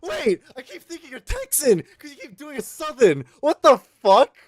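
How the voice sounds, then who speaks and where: Animated swearing young male streamer. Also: very high voice, moderate pace, crowd noise. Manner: loud, swearing, laughing, animated ranting. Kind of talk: casual stream chat reading chat.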